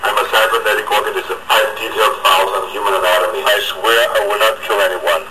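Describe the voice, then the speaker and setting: A curt, commanding tough-guy cop and cold cyborg, as movie clips of a man play him, barking orders in short stock lines. The lowish voice sits under a noisy phone line. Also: fairly even intonation, fast, lightly acted. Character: gruff male police detective and cold cyborg. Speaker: prank caller playing movie clips. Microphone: movie clips played into a phone.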